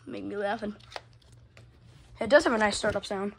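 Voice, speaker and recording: A woman filming a casual home vlog on her phone, rambling excitably and swearing constantly as she shows off her fans. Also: mid-range voice, normal speed, gravelly, pauses often, husky. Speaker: hobbyist vlogger showing her fans. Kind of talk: casual unscripted vlog commentary. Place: indoors at home. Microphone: phone camera held while filming.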